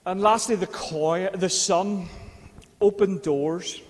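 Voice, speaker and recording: A Northern Irish pastor with a high voice preaches to his church. He talks casually with the congregation, then builds to fervent appeals. His voice rings with the long reverb of the church hall. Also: takes it slowly. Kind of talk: sermon.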